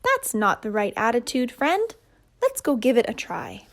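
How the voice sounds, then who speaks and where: A woman voicing a shy, clever female crow who loves fishing, a touch higher and brighter than her narration. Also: wildly swooping pitch, a little slow, exaggerated voice. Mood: friendly.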